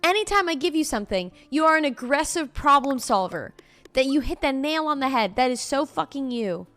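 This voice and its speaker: A woman's voice: high-pitched, animated, brisk, fairly bright tone, soft background music. Playful, swearing woman streamer. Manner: playful, swears often, laughs a lot. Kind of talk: casual chat with viewers.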